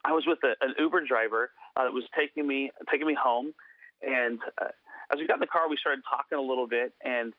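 A man's voice: mid-range voice, a little fast, no echo. Man telling a story down a tinny phone line. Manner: earnest, many restarts and fillers. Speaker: guest. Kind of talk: storytelling interview.

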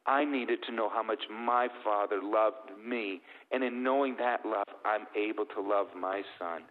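Earnest man with a low voice. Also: measured pace, in a large hall, narrow, tinny audio. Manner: earnest, heartfelt storytelling. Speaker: guest. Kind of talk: personal testimony.

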